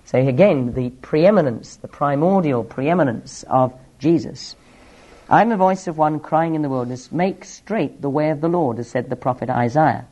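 A man's voice: a little high, normal speed, dark tone. A man teaching through a Bible passage, explaining each verse with asides and small laughs.

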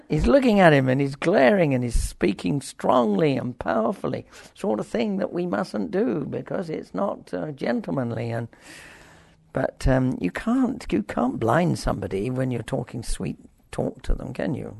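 An older man teaching a Bible passage informally, rambling with wry asides and reading the scripture aloud forcefully. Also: on the high side, sing-song, normal speed, vocal fry, no room sound.

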